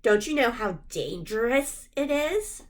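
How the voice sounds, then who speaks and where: A woman voicing a tiny, suspicious old male night janitor who growls in a hoarse, sandpapery voice as she reads a children's book aloud. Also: a little high, sing-song, measured pace. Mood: menacing hush.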